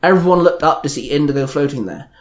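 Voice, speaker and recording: A man's voice: on the high side, expressive, fast. A young man reading his own superhero fan story aloud, telling it plainly with small slips and raising his voice for the characters' lines. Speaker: fan fiction reader.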